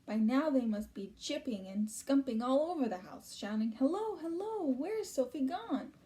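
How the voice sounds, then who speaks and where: A woman's voice: high-pitched, lively intonation, moderate pace, mellow, pitched above the performer's own voice. A woman reading aloud as a big, kind male giant who speaks with odd, broken grammar. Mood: kindly. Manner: chatty mangled grammar, sympathetic.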